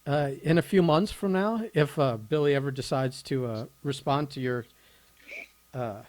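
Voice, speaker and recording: A man co-hosting a podcast who talks in a casual, halting way with many "uh" fillers and dry teasing. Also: medium pitch, darkish tone, no echo. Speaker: podcast co-host. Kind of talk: casual chat.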